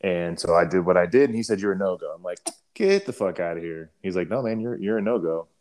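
A middle-aged man talks in an easygoing, casual way, his voice sitting fairly low. He swears freely and tells army stories, acting out the other people's lines as he goes. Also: fast talker, a little mellow. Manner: laid-back, profane storytelling with quoted dialogue. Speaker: army veteran telling stories. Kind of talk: casual chat.

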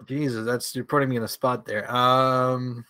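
A man's voice: mid-range voice, moderate pace, no room sound. Venezuelan guy on a podcast, laughs a lot, drops f-bombs, dry close sound. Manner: relaxed, hesitant, laughs often, swears freely. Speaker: guest, comic creator. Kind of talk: casual interview chat.

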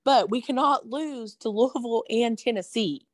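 A woman's voice: on the high side, moderate pace, no room sound. A tired, yawning woman, telling a story in casual chat with lots of fillers. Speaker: podcast co-host.

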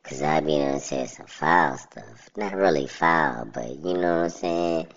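Watching a video, a woman offers rambling, slang-filled reactions, laughing frequently, her voice leaping upward whenever she rants. She talks a little slowly, and the audio is dull.

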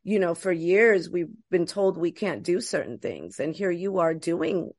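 A woman's voice: on the low side, animated, a little slow. Woman, podcast host, casual interview, effusive, laughs often. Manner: effusive and laughing, praising the guest.

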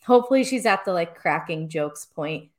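A woman's voice: lowish voice, animated, moderate pace. A young woman co-hosting a podcast, chatting casually with lots of fillers and frequent laughs. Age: young adult. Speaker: podcast co-host. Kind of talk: casual chat.

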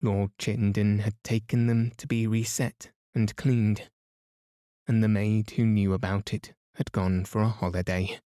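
A man's voice: lowish voice, unhurried, dry recording, studio quality. A man reading a storybook aloud as a soothing bedtime narrator. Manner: soft, soothing, even.

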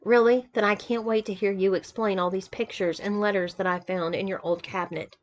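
Woman reads firm young fiancée, steady and probing, audiobook. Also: medium pitch, fairly quick, lo-fi sound, close to an everyday voice. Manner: quiet but firm, pressing for the truth.

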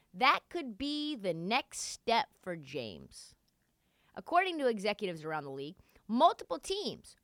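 A woman riffing on basketball news with a bright, edgy tone and a lively, swooping delivery. She's sarcastic and swears casually. Her voice is recorded close and dry, with no room sound. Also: medium pitch, no room sound. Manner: animated, swears, sarcastic asides. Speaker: sports commentator. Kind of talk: casual sports commentary.

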